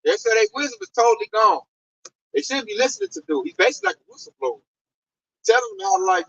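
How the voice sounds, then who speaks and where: Gravelly, animated man preaching from a distance. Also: extremely high pitch, quick pace, highs cut off. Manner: animated, streetwise, scornful asides. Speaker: Bible teacher. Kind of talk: preaching scripture in casual talk.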